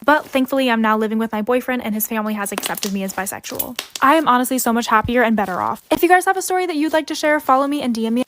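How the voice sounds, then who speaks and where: A young woman narrating a personal story in a brisk, dramatic storytime voice-over. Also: on the high side, a bit bright, slight background noise.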